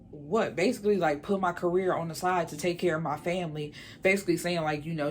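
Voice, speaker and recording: A woman's voice: deep voice, a little mellow, a little hiss or hum. A woman giving a blunt, heated, opinionated recap of a reality show in casual commentary. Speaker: reality TV reviewer.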